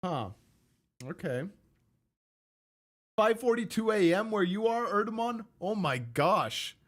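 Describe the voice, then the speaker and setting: A man's voice: high voice, very animated, slow. A young man co-hosting a casual live stream, talking frankly and emphatically and laughing easily. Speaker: co-host.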